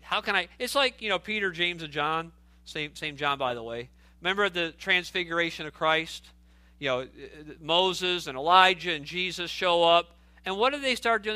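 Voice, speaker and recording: A man delivers a sermon in an earnest, emphatic way, often circling back and restarting his phrases. His voice sits high for a man and sounds strikingly bright and ringing. The recording is dry and close, with almost no room sound. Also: no echo. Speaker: preacher.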